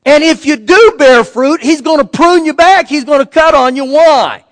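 A man's voice: extremely high pitch, normal speed, a bit bright, no room sound, in a large hall. A middle-aged man, a pastor, preaching a sermon in a folksy, joking way and reading scripture aloud.

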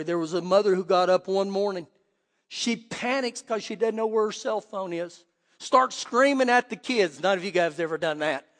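High-voiced pastor preaching in a hall. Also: male voice. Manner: animated storytelling with quoted voices. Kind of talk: sermon. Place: church sanctuary.

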